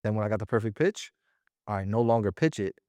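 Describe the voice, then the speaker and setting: A man's voice: fairly low pitch, a little fast, no room sound. Slangy man, casual and dry-sounding. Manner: slangy and animated, often acting out little quoted exchanges. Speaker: guest, sales business owner. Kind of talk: casual interview talk.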